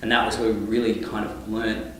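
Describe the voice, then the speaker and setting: Australian male guest, lower voice, loose and rambling, recorded far off in a very echoey space. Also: fast talker, a little hiss or hum. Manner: relaxed, rambling, many fillers and restarts. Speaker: touring singer-songwriter, guest. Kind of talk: casual interview. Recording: echoey room, mic at a distance.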